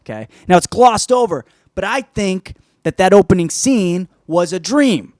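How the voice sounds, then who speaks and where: A man's voice: high-pitched, expressive, measured pace, a little mellow, dry recording, clean studio sound. A man hosting a podcast, reviewing a film in casual, rambling chat full of swearing and restarts. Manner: rambling, profane, self-interrupting. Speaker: podcast host.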